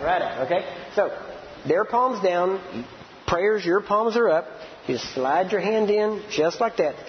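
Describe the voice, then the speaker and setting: A man's voice: high voice, slight background noise. A man teaching a live seminar, walking the audience through a method step by step and checking in with "right?". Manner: instructive, demonstrating step by step with frequent "right?" checks. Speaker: ministry teacher. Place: large hall before a live audience. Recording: echoey hall, dull lo-fi sound.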